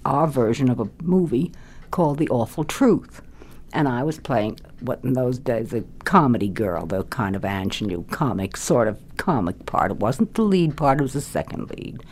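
Older woman, low voice, very lively pitch, interview reminiscing, animated storyteller. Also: moderate pace, a little hiss or hum. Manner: animated storyteller, lively rises and falls, laughs readily. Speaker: interviewee, former radio actress. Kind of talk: reminiscing conversation.

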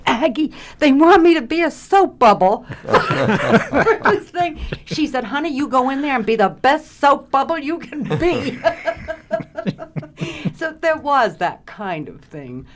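Low-voiced older woman telling lively stories. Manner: chatty storyteller, laughs often. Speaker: guest, former radio actress. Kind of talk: reminiscing interview.

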